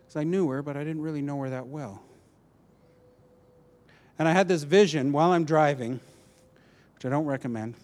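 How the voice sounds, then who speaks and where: A man preaching a personal testimony, telling the story animatedly with halting restarts. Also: a little high, darkish tone.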